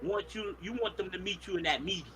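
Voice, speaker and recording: A man's voice: sits high, quick pace, sharp tone, a little hiss or hum. A man co-hosting a casual radio talk show, breaking his points down in a preachy way.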